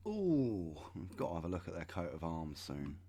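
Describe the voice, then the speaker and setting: A man's voice: low-pitched, huge pitch swings, normal speed, dark tone. A man in his thirties reading web pages aloud and adding wry, sarcastic asides as a channel host. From United Kingdom. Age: 30s.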